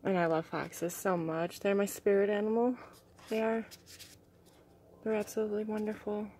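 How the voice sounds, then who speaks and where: A young woman vlogging casually as she shows her crystals and artwork, gushing and soft-spoken and often dropping to a hushed tone. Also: mid-range voice, level tone, normal speed. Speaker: vlogger showing crystals and art. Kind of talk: casual show-and-tell vlog.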